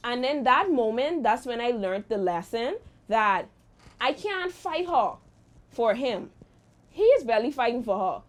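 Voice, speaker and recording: A young woman hosts her show and tells a personal story in an animated, exclaiming way. Her voice sits a little high, and she speaks in a casual storytime monologue. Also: unhurried. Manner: lively, animated retelling with exclamations. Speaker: host.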